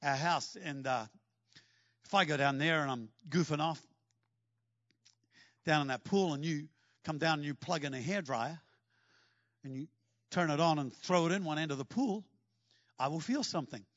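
A man preaching a sermon in an animated, joking way, breaking into shouts. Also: on the high side, moderate pace, long pauses, dry recording, lo-fi sound. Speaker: pastor.

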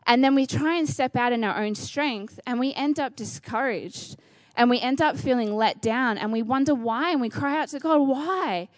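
A woman's voice: high voice, moderate pace, no echo. A woman preaching a sermon, earnest and conversational with playful asides.

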